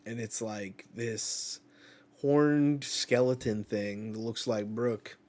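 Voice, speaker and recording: A man's voice: medium pitch, slow pace, darkish tone. A man hosting a live reaction, reading dialogue aloud and casually narrating what happens on each page. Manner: reads dialogue aloud and narrates panels in a chatty way. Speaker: channel host reacting to a manga chapter.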